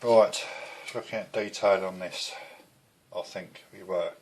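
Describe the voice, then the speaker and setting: A man talks slowly and unhurriedly through a plastic model kit, his voice sitting fairly low. He is a little out of breath and rambles in a self-deprecating way, now and then muttering a swear. A faint hiss of background noise sits under the recording. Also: steady tone, a little mellow. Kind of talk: casual rambling kit review.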